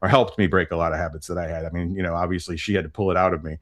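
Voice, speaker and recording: Deep projecting man, dry close sound. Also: fairly even intonation, rapid-fire, dry recording. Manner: projecting, chatty, laughs often. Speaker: podcast guest, voice actor. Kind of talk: casual interview chat.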